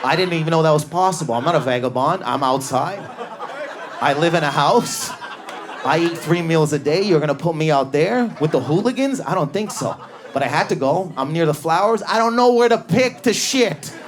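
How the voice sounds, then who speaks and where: A male stand-up comedian performing with raging energy on a club stage, often yelling and shooting up in pitch. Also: animated, moderate pace, a crowd in the background.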